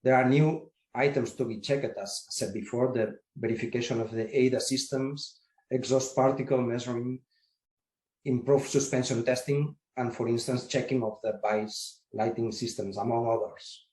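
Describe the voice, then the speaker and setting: A man, secretary general of an industry association, answering interview questions in a formal, measured way with occasional restarts. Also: medium pitch, steady tone, darkish tone. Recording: roomy echo.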